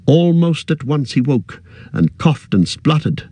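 A man reading a fantasy story aloud in a steady, measured narration. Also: fairly high pitch, breathy edge, no room sound. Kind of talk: audiobook narration.

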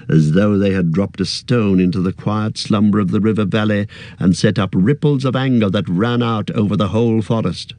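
A man reading a fantasy story aloud in a steady, measured narration. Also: lowish voice, no echo. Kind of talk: audiobook narration.

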